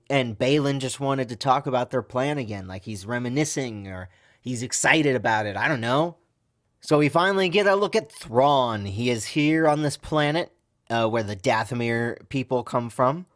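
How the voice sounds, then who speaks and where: A man talks through a casual video review of a TV episode. His voice sits at an ordinary middle pitch. He sounds sarcastic and a bit fed up, complaining as he goes. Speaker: TV show reviewer.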